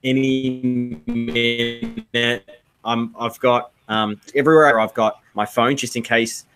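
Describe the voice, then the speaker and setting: A man co-hosts a casual live-stream chat. He talks in a relaxed, rambling way, often pausing on fillers. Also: mid-range voice, faint music behind. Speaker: podcast co-host.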